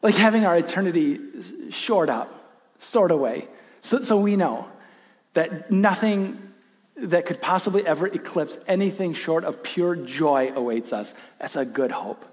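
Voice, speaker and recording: Animated high-voiced man preaching. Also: measured pace, long reverb tail. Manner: animated storytelling, acts out quotes, drops to hushed intensity. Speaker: pastor. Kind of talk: sermon.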